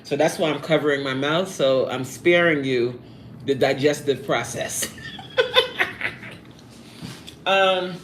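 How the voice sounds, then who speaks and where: A woman's voice: low voice, measured pace. Woman, 40s, live-streamer; playful, chatty, talks while eating; roomy echo, faint hiss. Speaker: livestreamer reading chat. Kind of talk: casual live-stream chat.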